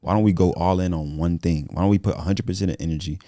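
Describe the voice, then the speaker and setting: Very deep-voiced man talking fast. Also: fairly even intonation, warm tone, no room sound, studio quality. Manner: earnest, repeats points for emphasis. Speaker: guest entrepreneur. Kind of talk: casual podcast interview.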